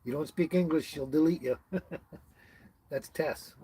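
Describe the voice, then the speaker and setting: A man's voice: on the high side, takes it slowly, warm tone, husky. A man hosting a casual livestream from a tiny house on wheels. He greets viewers and reads their comments, chuckling often and stumbling over names. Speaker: livestream host. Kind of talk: casual live chat reading viewer comments.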